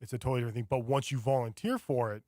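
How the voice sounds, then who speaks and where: A man chatting casually on a radio show, telling a rambling, animated story with many fillers. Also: medium pitch, rapid-fire, no room sound, clean studio sound. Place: radio studio.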